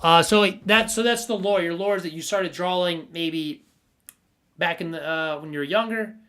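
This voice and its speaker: Young male streamer, slightly high voice, rambling and playful, stammers a lot. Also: normal speed, sharp tone. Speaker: livestream host reviewing NFT art. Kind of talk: casual livestream chat.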